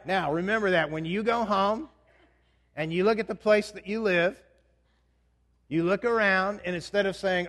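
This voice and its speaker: This male pastor's high-pitched, slightly bright voice moves at a moderate pace, broken by long pauses. He preaches conversationally in a reverberant hall, regularly questioning the congregation.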